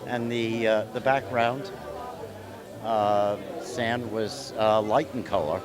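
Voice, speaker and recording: Relaxed male photographer, crowd chatter behind. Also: fairly low pitch, slow pace. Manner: relaxed, explanatory, many "uh" fillers. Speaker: exhibiting photographer. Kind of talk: interview answers. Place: busy photography exhibition opening.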